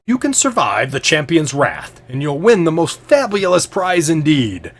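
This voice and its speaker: A man voicing a theatrical male master of ceremonies who announces in a grand, drawn-out way. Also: high-pitched, big pitch swings, creaky, fairly bright tone, slightly rough, pitched above the performer's own voice, full character voice. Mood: grandiose.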